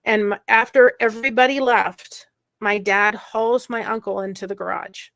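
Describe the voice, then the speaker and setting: A woman telling a painful personal story in conversation, earnest and emotional, with quick asides. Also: medium pitch, fairly even intonation, gravelly, fairly bright tone, no echo. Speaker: guest sharing a personal story.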